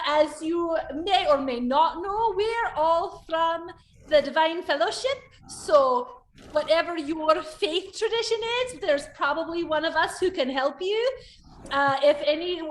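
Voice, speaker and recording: A woman's voice: very high voice, echoey room, pitched above the performer's own voice. A woman voicing a cheerful young priestess who addresses a crowd in a sweet, overly polite tone, in a tabletop game.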